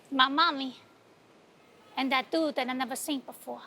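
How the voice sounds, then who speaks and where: A woman's voice: sits high, brisk, a little hiss or hum. A woman from Brooklyn, telling a solo monologue with streetwise energy and hosting a show outdoors. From Brooklyn, New York. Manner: streetwise, animated storytelling. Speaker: host and playwright. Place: outdoors in front of a cafe.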